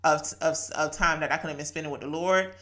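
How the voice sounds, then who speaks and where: A woman in her late thirties or forties hosts a podcast, delivering an earnest, chatty devotional talk sprinkled with laughter and scripture quotes. Her voice is deep and fairly bright, steady in tone, and quick in pace.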